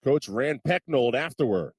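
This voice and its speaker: A man reads a scripted sports highlight roundup in a brisk, even delivery. His voice sits mid-range. The studio sound is dry and close. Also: husky, dry recording. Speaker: sports news anchor.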